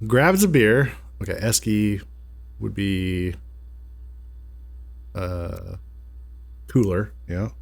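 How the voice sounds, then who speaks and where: A man's voice: fairly low pitch, creaky, slightly rough. A man streaming a puzzle game live, chatting casually and reading viewer jokes aloud. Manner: reads chat jokes aloud, slow and musing. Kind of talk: casual live-stream chat while gaming.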